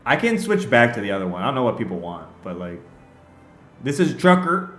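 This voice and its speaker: Lively, chatty male streamer in an echoey room. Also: medium pitch, fairly quick. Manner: chatty, laughs often, talks straight to his chat. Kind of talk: casual livestream chat and game commentary. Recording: echoey room with faint music.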